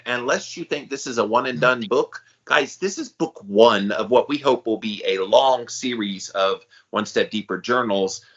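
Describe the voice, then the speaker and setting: An energetic man co-hosting a podcast, his voice bright and forward as he talks with his best friend. He calls himself the hype guy and sounds it, upbeat and encouraging. The recording has a slightly dull, lo-fi quality. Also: medium pitch, measured pace, husky. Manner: enthusiastic, self-described hype guy. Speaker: podcast co-host. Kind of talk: casual podcast chat.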